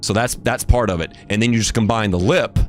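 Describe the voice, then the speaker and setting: A man's voice: lowish voice, brisk, faint music behind. A man streaming live in casual chat, jokey and rambling, laughing often and restarting his words.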